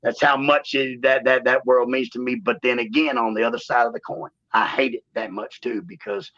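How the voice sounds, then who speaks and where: A man, telling stories in a shoot interview in a drawling, animated way and saying "man" often. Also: fairly quick. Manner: animated storyteller, acts out quotes in a higher voice. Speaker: interview guest, former wrestler. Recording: dull lo-fi sound.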